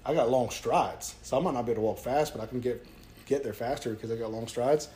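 A young man with a Southern US accent, telling stories in a casual podcast chat and acting out the people in them. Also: mid-range voice. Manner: fast-talking storyteller, animated quoting. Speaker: podcast guest.

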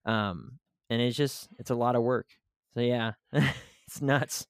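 A man's voice: mid-range voice, slow pace, clean tone, no echo, studio quality. A man co-hosting a podcast, chatting casually and rambling with lots of "you know" and "like". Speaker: podcast co-host.

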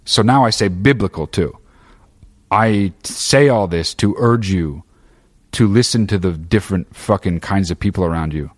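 A man's voice: low-pitched, moderate pace. A man talking to listeners in a casual monologue, profane and opinionated, rambling through fillers and restarts.

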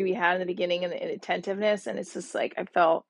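A gravelly, husky woman in her forties talks through her own podcast in a rambling, emotional monologue. She sounds sad and upset and keeps restarting her thoughts. The dry recording puts her voice close, with no room around it. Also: lowish voice, steady tone, rapid-fire, no echo. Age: 40s. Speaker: podcast host. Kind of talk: personal voice diary monologue.

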